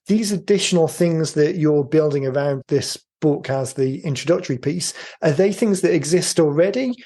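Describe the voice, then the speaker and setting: Podcast host, male, slightly high voice, long meandering questions. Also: a little mellow. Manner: rambling, thinks aloud. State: voice going hoarse. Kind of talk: casual interview.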